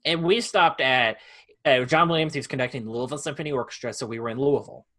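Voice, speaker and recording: Bright-voiced young man telling stories. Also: medium pitch, quick pace. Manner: animated, laughs often, restarts phrases. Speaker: podcast co-host. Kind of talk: casual storytelling chat.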